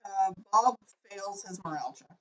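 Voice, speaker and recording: A woman's voice: medium pitch, animated, normal speed, recorded from a distance, lo-fi sound. A woman narrating as game master of a tabletop game, often laughing. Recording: noisy laptop mic.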